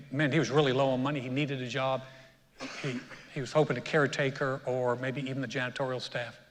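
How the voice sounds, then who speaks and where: Storytelling pastor in a reverberant church. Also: male voice, mid-range voice. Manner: storytelling preacher, builds to emphatic peaks. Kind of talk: sermon. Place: church sanctuary. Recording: long reverb of a church hall.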